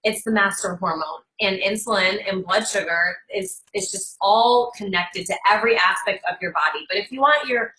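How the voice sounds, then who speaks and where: A woman's voice: mid-range voice, moderate pace, hardly any pauses, pushed and bright, poor audio. A woman in casual chat on a live call, recommending products and acting out quoted talk. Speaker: product presenter.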